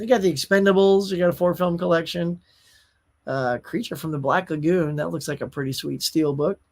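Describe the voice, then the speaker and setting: A man in his thirties or forties hosts a live stream in a loose, chatty way, talking straight to his viewers and calling them y'all. His voice sits a little above the usual male pitch. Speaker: host. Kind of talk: casual live-stream chat, reading viewer comments.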